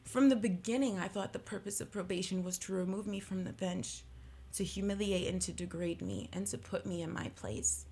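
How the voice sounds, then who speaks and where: A woman's voice: mid-range voice, animated, moderate pace, mellow, slightly rough. A woman in her thirties, an attorney, speaking in an emotional radio interview with impassioned, emphatic talk that repeats phrases for force. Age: 30s. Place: radio studio.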